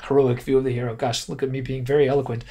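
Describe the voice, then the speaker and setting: Animated, opinionated solo podcaster. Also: mid-range voice, racing, breathy edge. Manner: animated, ranting, self-deprecating asides. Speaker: podcast host.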